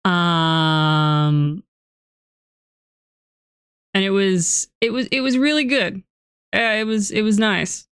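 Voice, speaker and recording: A woman's voice: mid-range voice, slow, pauses often, fairly bright tone, clear, resonant tone, dry recording, studio quality. A young woman from Australia with an Australian accent that is starting to blend with a Canadian one, chatting casually and swearing freely while she streams a game. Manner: chatty, swearing, self-mocking storytelling.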